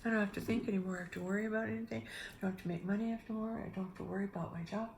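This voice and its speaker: A middle-aged woman giving a casual spiritual talk, telling a personal story with lively restarts and acted-out inner voices. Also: medium pitch, racing, slight background noise. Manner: animated, restarts often, acts out her own inner voices. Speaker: spiritual speaker.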